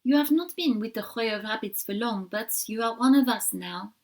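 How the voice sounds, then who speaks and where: A woman voicing a gentle grown female rabbit with a soft French accent, murmuring in a storybook reading. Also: on the high side, moderate pace, creaky. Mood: fond. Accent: French (put on). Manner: soft, murmuring, warm toward the bunny.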